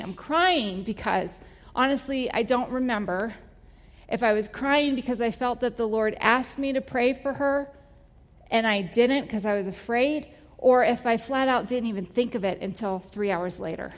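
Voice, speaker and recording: Candid woman telling a testimony in a hall. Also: a little high. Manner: candid, emotional storytelling. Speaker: speaker giving a personal testimony. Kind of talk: personal testimony talk. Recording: long hall reverb.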